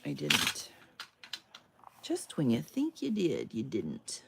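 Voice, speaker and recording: A woman's voice: very deep voice, wildly swooping pitch, slow pace, creaky, heavy background noise. A woman, chatting to viewers and muttering to herself as she crafts in her home loft. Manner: chatty, talks to herself while working. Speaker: crafting livestreamer. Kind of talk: casual crafting chat to viewers.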